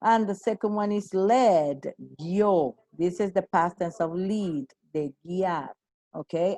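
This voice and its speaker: Bilingual woman teacher, slow and dry. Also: on the low side, mellow, no room sound. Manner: switches between English and Spanish, encouraging; praises students by name. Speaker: English teacher. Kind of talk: online class teaching.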